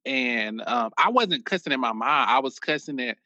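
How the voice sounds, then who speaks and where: A man's voice: medium pitch, moderate pace, dull audio. A man telling family stories in a casual panel chat, acting out quotes with energy. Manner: animated storytelling, acts out loud quotes.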